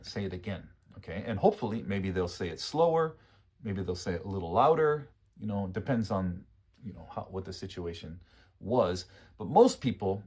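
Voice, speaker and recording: A man teaching phrases in a casual lesson, speaking slowly and animatedly and repeating phrases for learners to copy. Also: fairly low pitch, a little mellow, husky. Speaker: English teacher. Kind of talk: casual spoken English lesson.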